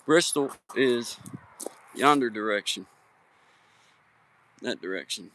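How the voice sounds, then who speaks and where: On a sunset hiking trail, a man from Virginia streams live from his phone, chatting casually and folksily while greeting viewers by name. He speaks slowly in a mid-range voice that sounds pushed and bright.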